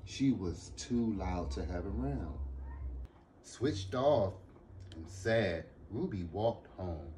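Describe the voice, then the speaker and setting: A man reading a picture book aloud for children in an expressive, animated way. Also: lowish voice, slow pace, a little hiss or hum. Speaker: storyteller for an after-school program.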